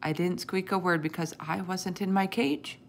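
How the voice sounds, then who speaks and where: A woman's voice: fairly low pitch, normal speed, vocal fry, slight background noise. A woman reading a children's chapter book aloud, narrating expressively in the first person. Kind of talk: storybook read-aloud.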